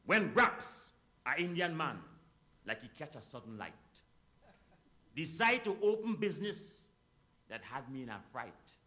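A Trinidadian man half-sings a rhymed comic tale in a rhythmic, sing-song style. His voice is high and very bright. It leaps all over his range. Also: very animated, a little slow, long pauses. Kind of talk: rhymed comic calypso recitation.

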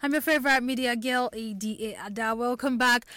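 A woman's voice: a little high, brisk, bright, forceful tone, no room sound. A young Nigerian woman hosting a radio show, bubbly and playful as she hypes up her co-hosts in the studio. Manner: bubbly, playful, hyping up guests. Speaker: radio host. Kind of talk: lively radio show chat.

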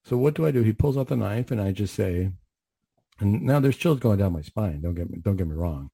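A man's voice: lowish voice, expressive, brisk, creaky, warm tone, husky, dry recording. A middle-aged man telling a personal story on a radio show in an earnest way, often repeating words and quoting his own past dialogue. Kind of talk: storytelling talk.

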